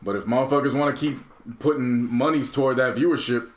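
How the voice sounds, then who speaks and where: A man's voice: medium pitch, steady tone, fast, echoey room. A man co-hosting a podcast, chatting casually in laid-back slang with lots of fillers. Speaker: podcast co-host. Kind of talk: casual chat.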